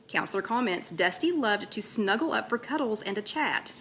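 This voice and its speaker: A woman's voice: mid-range voice, expressive, moderate pace, fairly bright tone, a little hiss or hum. A woman hosting a casual live-stream chat, rambling and greeting viewers mid-sentence. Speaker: host of a weight-loss chat livestream.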